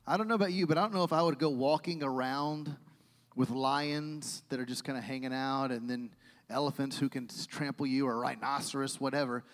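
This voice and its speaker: A male pastor preaching a sermon with animated storytelling and asides to the congregation. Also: medium pitch, brisk. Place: church sanctuary. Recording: long church hall reverb.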